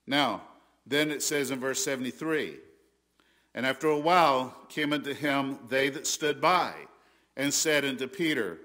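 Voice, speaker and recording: A Southern American man preaches a sermon with a bright, ringing voice. He presses his points hard and often stops to restart a sentence. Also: medium pitch, a little slow. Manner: emphatic, rising loud on quoted scripture, frequent restarts. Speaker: pastor.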